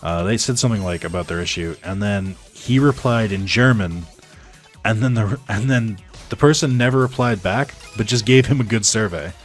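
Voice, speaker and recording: A man's voice: fairly low pitch, moderate pace, soft background music. A man telling a casual, rambling story over his gameplay as a YouTuber, full of fillers and chuckles. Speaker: gaming YouTuber.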